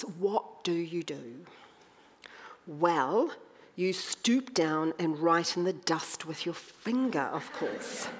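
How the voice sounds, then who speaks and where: A woman preaching a sermon, conversational and animated, with wry humour as she tells the story. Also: medium pitch.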